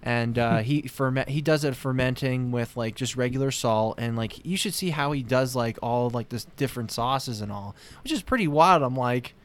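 A man's voice: medium pitch, moderate pace, hardly any pauses. A man chatting on a casual podcast, rambling with lots of filler words. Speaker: podcast co-host.

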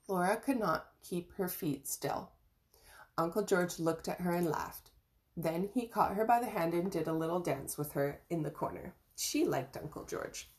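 A woman reading a children's storybook chapter aloud in a gentle, even way, with small slips and restarts. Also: fairly low pitch, normal speed. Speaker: reader of an audiobook chapter.

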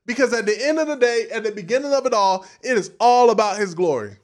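A man with a high voice and delivers a sermon with big swings in volume and emphasis. He drops to near-whispers for asides, then punches key lines hard. He also acts out other people's voices as he preaches. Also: fast talker. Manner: animated preaching, dramatic swings between soft and loud.

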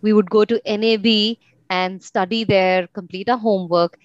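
A woman's voice: medium pitch, steady tone, normal speed, no room sound. A young woman from India, a guest in an interview, telling her story reflectively with frequent fillers. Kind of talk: casual conversational interview. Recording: slightly muffled, dry sound.

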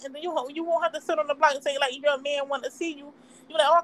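A young woman talks in a high, bright voice, chatty and easygoing. She strings her thoughts together with "like" and "you know," laughing as she goes. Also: steady tone, fast talker, poor audio. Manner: chatty, laughs often, lots of "like". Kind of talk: casual chat.

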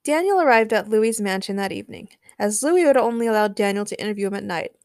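A woman's voice: mid-range voice, animated, quick pace, no room sound, clean studio sound. A woman hosting a podcast, chatting enthusiastically and narrating a story. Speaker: podcast host. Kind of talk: casual chat and story narration.

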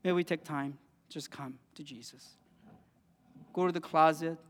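A man preaching a sermon in an earnest way, rising to emphatic phrases and dropping to quiet ones. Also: on the high side, steady tone, a little slow, long reverb tail.

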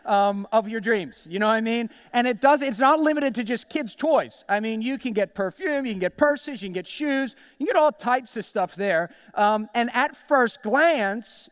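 A young adult male pastor from South Jersey preaching a sermon, telling stories with lively acted-out quotes. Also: high-pitched, clear, resonant tone, dry recording, studio quality. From South Jersey, USA. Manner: animated storytelling, acts out quoted voices.

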